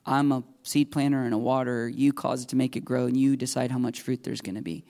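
A man's voice: mid-range voice, little pitch movement, quick pace, dark tone. A middle-aged man preaching a sermon in a conversational, emphatic way, acting out the voices he quotes. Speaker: pastor.

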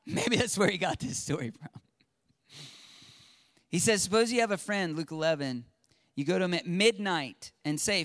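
A man preaching a sermon in an animated way, acting out quotes and swinging from loud to hushed. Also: sits high, moderate pace, no echo, clean studio sound. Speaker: pastor.

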